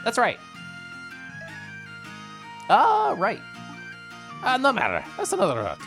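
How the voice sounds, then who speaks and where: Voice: mid-range voice, huge pitch swings, takes it slowly, fairly bright tone, pitched above the performer's own voice, full character voice. A streamer voicing a male squirrel bard with a put-on Scottish accent, folksy and teasing, reading game dialogue aloud over faint music. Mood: hearty. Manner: folksy, teasing, calls people lad.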